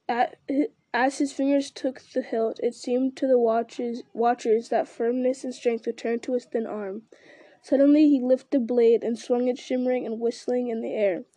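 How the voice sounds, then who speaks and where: A woman reading a fantasy novel aloud in a steady, earnest narration. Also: fairly high pitch, no echo. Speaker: reader. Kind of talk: storybook read-aloud narration.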